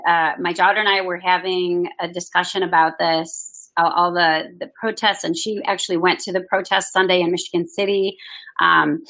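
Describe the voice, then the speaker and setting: A woman who serves as a pastor, talking earnestly in a casual chat. Her voice is lowish and bright, with a gravelly edge. She speaks in a soft, heartfelt way. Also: low-quality recording. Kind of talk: casual conversation.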